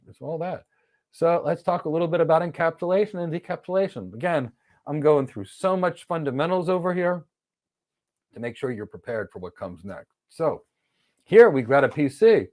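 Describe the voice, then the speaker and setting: Man, instructor, training lecture, animated storyteller, wide-ranging pitch, slightly high voice. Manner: animated storytelling with acted-out dialogue.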